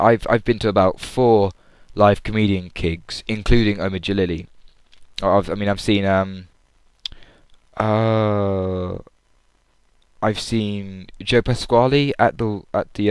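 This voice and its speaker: Chatty young Englishman, low clear voice. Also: measured pace, dry recording. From England. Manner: chatty, lots of fillers and restarts. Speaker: vlogger. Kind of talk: rambling audio log.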